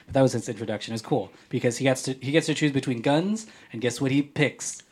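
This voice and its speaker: A man's voice: medium pitch, quick pace, a little mellow, husky. A man hosting a casual podcast, joking around and reading listener comments aloud in a playful way. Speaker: podcast host.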